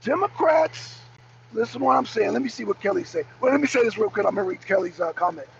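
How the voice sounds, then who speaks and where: Gravelly woman hammering rhetorical questions. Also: mid-range voice, animated, fast talker. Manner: emphatic, repeats rhetorical questions; reads and answers viewer chat. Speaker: host. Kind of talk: livestream political commentary. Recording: dull lo-fi stream audio with faint noise.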